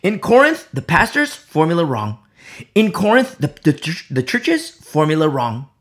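Emphatic woman preaching with a lively pitch. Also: normal speed. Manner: emphatic, repeats key phrases, drops to near-whispers. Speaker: pastor. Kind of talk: sermon.

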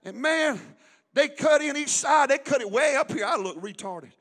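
Man preaching, very high voice, shouting then dropping to a hush. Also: expressive, normal speed, big-room sound. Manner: preaching, swings from loud shouting to hushed storytelling. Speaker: pastor. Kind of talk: sermon.

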